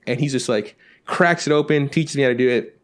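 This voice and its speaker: Young adult male co-host, fast talker, rambling storyteller who swears freely. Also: mid-range voice. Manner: rambling anecdotes with acted-out quotes, swears freely. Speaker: podcast co-host. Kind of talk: casual storytelling chat.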